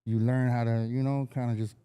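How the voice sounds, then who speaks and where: Southern California man, rapper guest, dark mellow tone, animated slangy storyteller. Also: a little fast, smooth. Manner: animated, acts out quotes with raised pitch, heavy slang. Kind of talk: casual storytelling chat.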